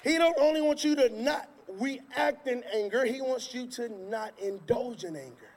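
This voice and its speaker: High-voiced preacher in a reverberant hall. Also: male voice, moderate pace. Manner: repetitive, emphatic preaching with sudden shouts. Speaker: pastor. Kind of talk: sermon. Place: church stage before a congregation. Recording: long reverb of a large hall.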